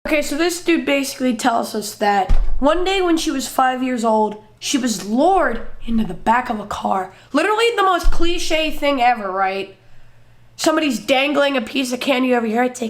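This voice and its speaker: A woman's voice: on the high side, a little slow. A woman hosting a sarcastic reaction commentary, rambling and laughing at what she watches. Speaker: commentary host.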